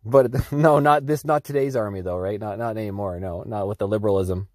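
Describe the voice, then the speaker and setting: A man's voice: on the low side, a little fast, darkish tone, no echo, studio quality. Sarcastic man mocking a news clip. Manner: mocking, scoffing, argumentative. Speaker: commentator reacting to a news clip. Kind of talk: sarcastic reaction commentary.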